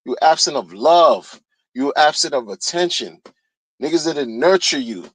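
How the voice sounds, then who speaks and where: A man's voice: on the high side, expressive, a little slow, fairly bright tone, low-quality recording. A man ranting in a heated, mocking way, repeating phrases to drive his point home. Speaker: streamer ranting commentary. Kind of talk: casual rant.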